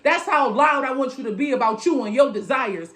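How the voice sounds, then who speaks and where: A young woman giving a loud, emphatic and profane tarot reading into her phone. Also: sits high, expressive, a little fast. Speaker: tarot reader. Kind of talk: casual motivational tarot reading.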